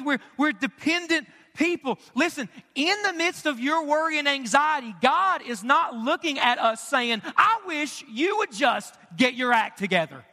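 A male pastor delivers his sermon in a very high, sharp, forceful voice. He talks emphatically and conversationally, tossing out rhetorical questions and jokes. His voice rings through a church with a long reverb tail. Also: vocal fry. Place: church sanctuary.

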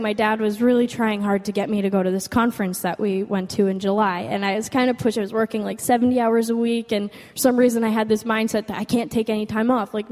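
A woman's voice: mid-range voice, warm tone, in a large hall. A young woman sharing a personal testimony with an audience, earnest and emotional, often saying "like". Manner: earnest and emotional, with frequent "like" fillers. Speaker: speaker giving a testimony.

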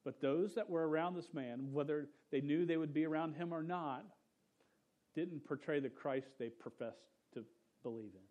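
A young adult man giving a casual sermon as a pastor, talking loosely with lots of "dude" and "man," and trailing off quietly at the ends of his points. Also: on the high side, moderate pace, lo-fi sound.

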